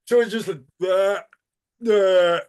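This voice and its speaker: A man's voice: high-pitched, steady tone, takes it slowly, a little mellow, smooth. A man, a podcast guest telling a profane, rambling story with laughs and restarts. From Netherlands. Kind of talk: casual storytelling.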